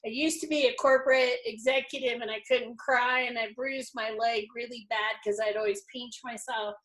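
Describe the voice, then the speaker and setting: A woman's voice: fairly high pitch, steady tone, moderate pace, fairly bright tone. A middle-aged woman hosting a casual spiritual interview, effusive and openly emotional. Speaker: host.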